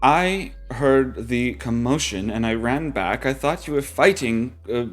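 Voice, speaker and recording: A man's voice: mid-range voice, unhurried, faint music behind, lightly acted. A man voicing a flustered female librarian, talking in an apologetic, fumbling way. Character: flustered female librarian who works here.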